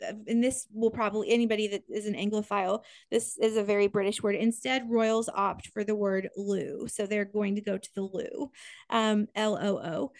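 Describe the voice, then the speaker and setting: A woman co-hosting a podcast in casual chat, enthusiastic and quick to restart her sentences. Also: medium pitch, dry recording. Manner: chatty, enthusiastic, self-interrupting. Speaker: podcast co-host.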